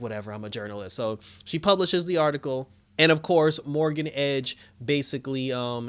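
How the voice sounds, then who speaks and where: Male reviewer, casual and animated recap, acts out quotes, mid-range voice. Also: medium pitch. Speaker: show reviewer.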